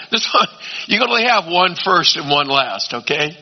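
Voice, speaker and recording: A man's voice: high voice, lively intonation, normal speed, husky. Emphatic male preacher, muffled sound. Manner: emphatic, swings between loud urging and quiet asides. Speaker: pastor. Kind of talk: sermon. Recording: dull lo-fi sound.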